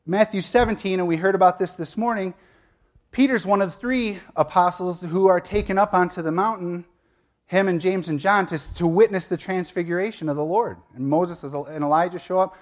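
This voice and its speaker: A man's voice: high-pitched, moderate pace. Conversational male pastor preaching. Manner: conversational storytelling with asides and light humor. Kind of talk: sermon.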